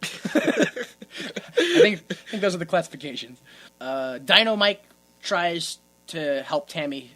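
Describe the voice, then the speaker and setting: A woman's voice: sits low, animated, unhurried, long pauses, a bit bright. A woman co-hosting a casual movie-riffing podcast, talking with exaggerated indignation, swearing and laughing often. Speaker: podcast co-host.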